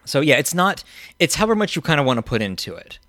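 A man co-hosting a casual podcast, chatting in a relaxed, dry way and reading a listener's email aloud. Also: fairly high pitch, quick pace, no room sound. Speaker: podcast co-host.

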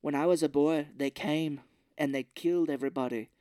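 A man's voice: a little high, fairly even intonation, fairly quick, warm tone, clean tone, dry recording, clean studio sound, natural voice. A man voicing a self-pitying male smuggler in a mocking, slightly slurred retelling. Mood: mock-dramatic. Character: male smuggler, self-pitying, mumbling through fake teeth.

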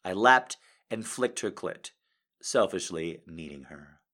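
Man reading a romance story, soft and intimate, very low voice, slow delivery. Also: animated. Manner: hesitant, with many fillers when chatting. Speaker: reader of fiction.

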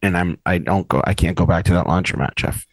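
Animated man telling a rant. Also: low-pitched, fast talker, no echo, low-quality recording. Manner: animated storyteller, acts out quotes with rising exasperation. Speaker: podcast co-host. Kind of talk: casual chat. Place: apartment in the city.

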